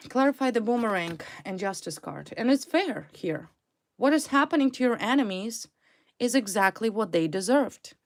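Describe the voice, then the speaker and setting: A woman's voice: mid-range voice, lively intonation, moderate pace. A woman reading tarot cards to a viewer, blunt and emphatic, repeating her points and swearing freely. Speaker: tarot reader.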